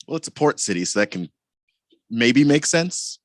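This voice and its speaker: A man co-hosting a radio show, answering the banter in a deadpan, mildly indignant way. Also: mid-range voice, moderate pace, no room sound, clean studio sound. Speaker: radio co-host. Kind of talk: casual radio chat.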